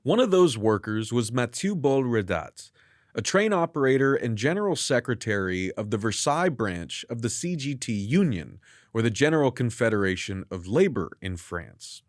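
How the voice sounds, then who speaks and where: A man hosting an interview from a studio, reading an earnest introduction and then asking measured questions. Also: mid-range voice, sing-song, dry recording. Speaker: interview host. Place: radio studio.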